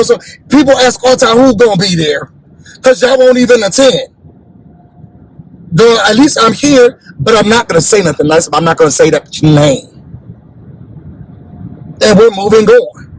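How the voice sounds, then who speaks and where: A man hosting a reality TV recap in an animated, blunt, sassy way, acting out what the cast said. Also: very high voice, normal speed, long pauses, poor audio. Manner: sassy, blunt, acts out quoted cast members.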